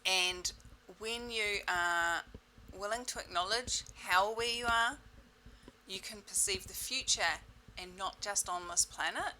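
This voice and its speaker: A woman leading a self-help webinar in a playful, exclamatory way, repeating set clearing phrases. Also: mid-range voice, sharp tone, slight background noise, poor audio. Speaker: webinar facilitator.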